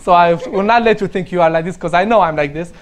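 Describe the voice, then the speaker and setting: A man's voice: high-pitched, quick pace. A young man from Romania with a Romanian accent, telling casual stories and laughing often as he talks. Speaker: speaker sharing stories. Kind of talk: casual storytelling.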